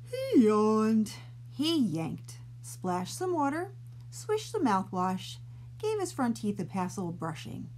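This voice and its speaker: A woman librarian reading a silly bedtime story aloud to children, playful and expressive, stretching out her words. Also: fairly high pitch, slow, a little hiss or hum.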